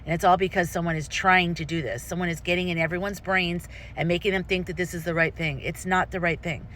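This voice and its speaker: Woman vlogger, impassioned and rambling, crisp bright tone, faint noise behind. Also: fairly low pitch, steady tone, fast. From United States. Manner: impassioned, rambling with frequent restarts. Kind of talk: personal opinion vlog.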